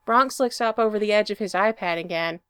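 A woman narrating fan fiction in an expressive storybook reading. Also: mid-range voice, brisk, clear, resonant tone, no echo, clean studio sound.

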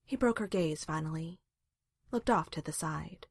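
A woman reading a romance story aloud with measured, expressive narration. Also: deep voice, no echo. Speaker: fan fiction reader.

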